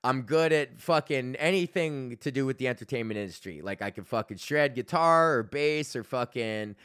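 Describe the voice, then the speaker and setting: A man's voice: mid-range voice, expressive, moderate pace, fairly bright tone, clean tone, dry recording, clean studio sound. A man in his thirties hosting a podcast, rambling in a casual solo rant with heavy swearing and many fillers. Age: 30s. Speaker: podcast host.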